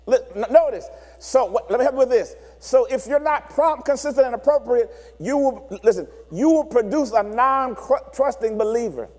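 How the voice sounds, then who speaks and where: A man's voice: very high voice, normal speed, hardly any pauses, long reverb tail. A man preaching a sermon, acting out children and couples as he explains. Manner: animated preacher acting out voices of children and partners. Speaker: pastor.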